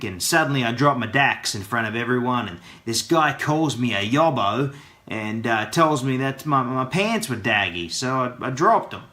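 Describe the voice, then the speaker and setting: A man's voice: medium pitch, sharp tone. A man with an Australian accent, casually telling a playful story crammed with Aussie slang. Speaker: vlogger.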